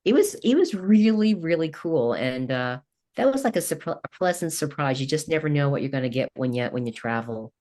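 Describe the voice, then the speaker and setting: Older lady from kentucky, really low voice, chatty and rambly. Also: lively intonation, fairly quick, mellow. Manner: chatty, rambling, laughs often. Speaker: guest coach. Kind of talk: casual interview chat.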